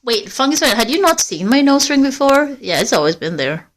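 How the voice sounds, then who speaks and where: A woman livestreaming on a walk through a forest, chatting casually to viewers in a rambling, swearing way. She is cold, and her voice rises and falls in loudness as she walks. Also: high voice, very animated, fairly quick. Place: outdoors in a forest.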